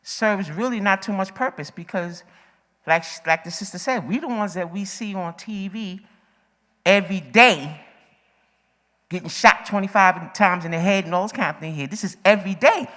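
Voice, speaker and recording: A woman's voice: medium pitch, normal speed, a bit bright. A woman from the audience speaking at an open-mic forum, a little out of breath, emphatic and repeating herself as she builds urgency. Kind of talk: impassioned open-mic remarks. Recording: echoey hall.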